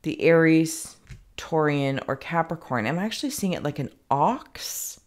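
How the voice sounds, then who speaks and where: A woman's voice: low-pitched, animated, measured pace. A woman giving a casual psychic reading, rambling and thinking aloud with many fillers and some self-mocking asides. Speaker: psychic reader. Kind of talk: casual spoken intuitive reading.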